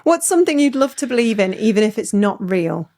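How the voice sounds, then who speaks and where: A woman's voice: fairly high pitch, very animated, brisk, darkish tone. A woman hosting a podcast, chatting casually and teasing her guest with frequent laughter. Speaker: podcast host. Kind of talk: casual interview chat.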